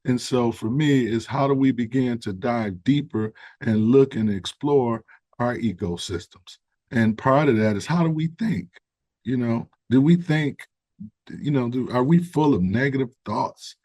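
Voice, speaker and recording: A man, a guest who founded a recovery organization, speaks in an interview in an earnest, reflective way. He tells stories conversationally, with fillers, and gets more animated when he stresses a point. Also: medium pitch, measured pace, no room sound. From United States. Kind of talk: interview storytelling.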